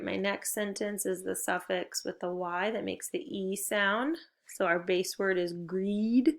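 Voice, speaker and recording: A woman teaching children in a recorded video lesson, giving encouraging, clearly paced instructions and drawing out key words slowly. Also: mid-range voice, a bit bright. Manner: stretches out target words slowly.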